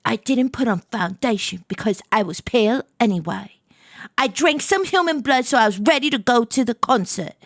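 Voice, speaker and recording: A woman's voice: a little high, animated, normal speed, dry recording, clean studio sound. A woman reading a gloomy goth teenage girl's story aloud in a put-on British accent, theatrical and self-mocking. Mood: dramatic reading. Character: gloomy goth teenage girl narrating her day.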